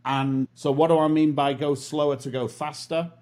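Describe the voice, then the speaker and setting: A man's voice: fairly high pitch, level tone, normal speed, darkish tone. Reflective man in his fifties. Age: 50s. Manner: musing, self-deprecating, with restarts. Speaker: guest. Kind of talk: reflective interview conversation.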